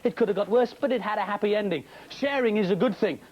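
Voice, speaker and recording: A man presenting a children's TV show in a jokey, theatrical, excitable way. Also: high-pitched, fast. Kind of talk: playful live TV presenting. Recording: dull lo-fi TV audio with faint music.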